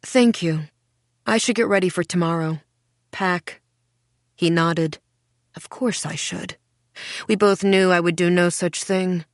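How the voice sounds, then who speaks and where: A woman narrates a first-person novel in a wry, measured, quietly deadpan voice. Her pitch sits on the low side. The recording is dry and close, with no room sound. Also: no echo. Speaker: audiobook narrator.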